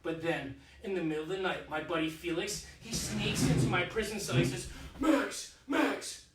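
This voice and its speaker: A man's voice: high-pitched, normal speed, very noisy, close to an everyday voice. A man playing a petulant, vain deposed emperor. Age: 30s. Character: vain, childish deposed emperor, young man, self-pitying. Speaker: solo stage performer. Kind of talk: solo theatre monologue. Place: living room. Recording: echoey room, mic far off.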